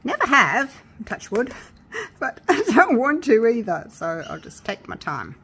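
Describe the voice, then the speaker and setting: Excitable chatty woman crafter. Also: a little high, measured pace, husky. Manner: chatty and excitable, gushes with delight. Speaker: craft vlogger. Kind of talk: casual crafting tutorial chat.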